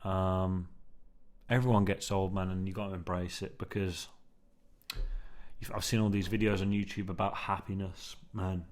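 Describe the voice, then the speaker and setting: Trying out a mic he just bought, a man rambles through a casual vlog monologue full of ums and restarts, often tacking "man" onto his sentences. His low voice is flat and slightly mellow, at normal speed.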